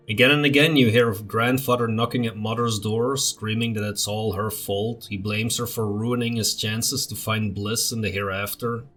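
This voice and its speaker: A man's voice: lowish voice, steady tone, moderate pace, hardly any pauses, a bit bright, soft background music. A man hosting a let's play, reading game text aloud dramatically with blunt casual asides.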